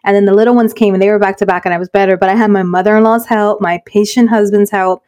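A middle-aged woman co-hosting a podcast in casual chat, telling candid stories quickly and dropping in Spanish words. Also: mid-range voice, fairly even intonation, a little mellow. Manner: fast, candid storytelling that mixes in Spanish words. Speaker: podcast co-host.

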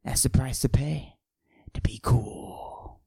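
A man playing a boastful macho character, pushing his voice low and husky and often dropping to a whisper while he brags deadpan. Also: slow pace, no room sound, full character voice. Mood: swaggering. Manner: boastful, deadpan absurd bragging. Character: cocky macho man with a forced deep voice. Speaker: podcast host. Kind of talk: comic character monologue.

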